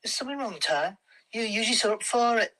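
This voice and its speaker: A man's voice: high-pitched, lively intonation, fast talker, pushed and bright, pitched above the performer's own voice, poor audio. A man doing a cooing, swooning young woman. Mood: coaxing. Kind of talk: comedy skit voice in a parody video.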